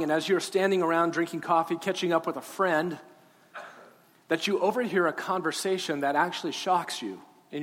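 A man preaching an Easter sermon as pastor, talking gently to children, then earnestly to the congregation. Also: on the high side. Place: large church sanctuary. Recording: long hall reverb, faint room ambience.

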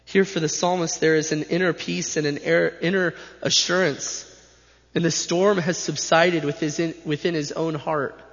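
A man's voice: fairly high pitch, level tone, normal speed. A male pastor delivering a sermon with an emphatic, repetitive preaching cadence. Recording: dull sound with long hall reverb.

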